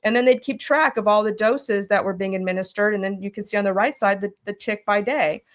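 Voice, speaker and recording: A woman telling a personal story as an interview guest, animated and speaking directly to her listeners. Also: mid-range voice, fairly quick. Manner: animated, talks straight to listeners.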